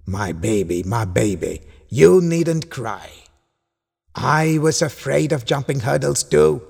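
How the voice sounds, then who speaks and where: A kind, tender old rabbit uncle, voiced by a man in a storybook, with a slow, soothing delivery. His voice is gravelly and heavily reverberant. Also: on the high side, exaggerated voice. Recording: long hall reverb.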